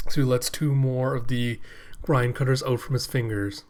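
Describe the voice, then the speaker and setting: A man hosting a casual reaction video, retelling a comic in a chatty, paraphrasing way with quick asides. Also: medium pitch, fairly even intonation, darkish tone.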